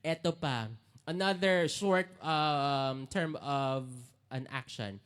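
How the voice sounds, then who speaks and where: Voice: mid-range voice, slow pace, a bit bright, clear, resonant tone. An interviewer from the Philippines asking questions in a live chat, mixing languages and often laughing.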